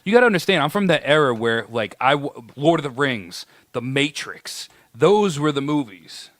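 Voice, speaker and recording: A man's voice: mid-range voice, animated, normal speed, a bit bright, no echo, studio quality. A man in his twenties co-hosting a podcast in casual chat, laid-back, joking and laughing a lot. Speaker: podcast co-host.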